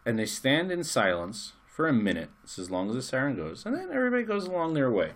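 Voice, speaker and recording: A man's voice: medium pitch, quick pace. An American man in his thirties, a podcast co-host telling jokey stories and acting out the voices of the people in them. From United States. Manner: animated, jokey storyteller acting out quotes. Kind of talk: casual storytelling chat.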